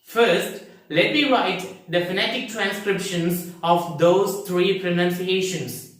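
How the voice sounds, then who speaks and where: Slow, deliberate male English teacher. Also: sits high, fairly bright tone. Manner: asks rhetorical questions and answers them himself; careful, deliberate explaining. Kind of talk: online pronunciation lesson. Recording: very echoey room, mic far off.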